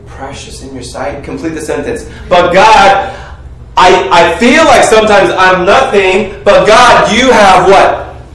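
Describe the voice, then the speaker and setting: A man preaching a sermon, calling on the congregation to finish his sentences and shout out answers. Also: sits high, unhurried. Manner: animated, coaxes the congregation to call out answers. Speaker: pastor. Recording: echoey room, heard from a distance.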